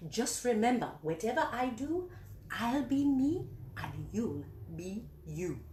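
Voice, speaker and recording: A woman voicing a gentle, wise male blackbird painter in a soft, slow storybook voice. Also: a little high, very animated, noisy background. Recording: echoey room.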